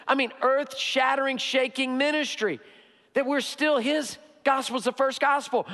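A man preaching a sermon as pastor, emphatic, repeating key phrases and slowing down to stress them. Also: very high voice, a bit bright, big-room sound. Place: church sanctuary.

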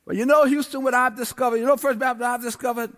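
Guest preacher, male, very high voice, rhythmic repeated refrains, church reverb. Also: fairly even intonation, quick pace, a bit bright. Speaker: guest pastor. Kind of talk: sermon. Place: large church. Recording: long church hall reverb.

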